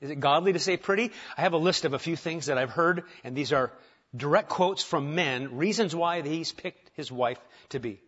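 A man preaching a sermon to his congregation, conversational and self-deprecating, moving from quiet asides to emphatic points. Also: on the high side, normal speed, breathy edge, highs cut off. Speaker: pastor. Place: church sanctuary.

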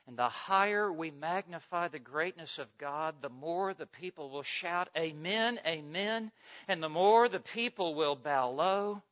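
Male preacher, high-pitched and very bright, emphatic repeating cadence, muffled lo-fi sound. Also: unhurried. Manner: emphatic, repetitive cadence, swings from hushed to loud. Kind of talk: expository sermon. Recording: dull lo-fi recording.

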